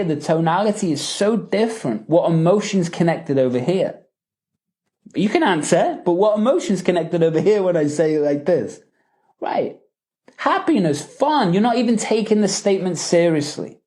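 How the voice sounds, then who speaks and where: Brief: male coach, lively swooping pitch, emphatic, keeps asking "right?" while he teaches. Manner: animated, emphatic, checks in with "right?" and "okay?". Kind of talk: live Q&A teaching.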